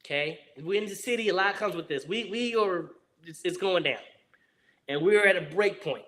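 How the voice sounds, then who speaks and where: American ex-marine guy telling war stories, high voice, cusses a lot, does voices for the people in it. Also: normal speed. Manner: lively, profane, acts out the people he quotes. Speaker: guest, former Marine rifleman. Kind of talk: animated war storytelling.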